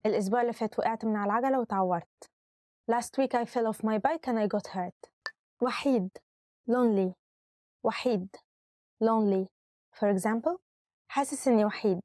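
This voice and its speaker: A woman's voice: on the high side, a little mellow, no echo, clean studio sound. A woman hosting a vocabulary lesson in an upbeat, instructive way. She says each word, repeats it, and gives its translation, switching between Arabic and English. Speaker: language teacher and host.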